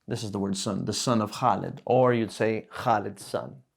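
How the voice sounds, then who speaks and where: A man teaching an Arabic lesson, explaining patiently, slowing down and repeating words as he goes. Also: lowish voice, steady tone, vocal fry. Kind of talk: classroom lesson at a whiteboard.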